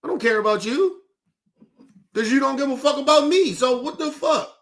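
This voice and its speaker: Heated, cursing man with a high voice. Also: lively intonation, moderate pace, a bit bright. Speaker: podcast host. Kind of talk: profane rant on a talk show.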